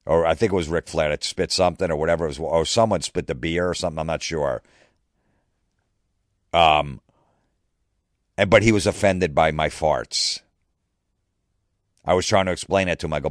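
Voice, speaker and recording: A man with a low, deep voice telling a funny story, loose and rambling, dropping swear words along the way. The sound is dry and close, with no room around it. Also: normal speed, pauses often, dry recording. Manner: casual, profane, rambling. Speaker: comedian podcast host. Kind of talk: comedic storytelling.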